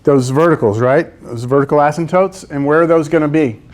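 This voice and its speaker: A man teaches math in a classroom, his voice sitting a little high for a man. He keeps coaxing his students along and checks in with them again and again as he works through each step. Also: a little fast, a little mellow. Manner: coaxing, quizzes students with frequent "right?". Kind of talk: classroom lecture.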